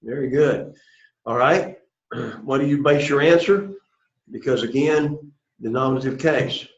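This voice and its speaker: A man's voice: medium pitch, measured pace. A man teaching a classroom lesson, who praises students often and keeps checking that they follow. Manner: encouraging, repeats praise. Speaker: Greek teacher. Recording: echoey room, dull lo-fi sound.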